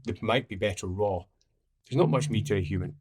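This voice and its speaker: A man narrating as game master in a tabletop roleplaying game, describing scenes in a lively way. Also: fairly low pitch, a little fast, slightly rough.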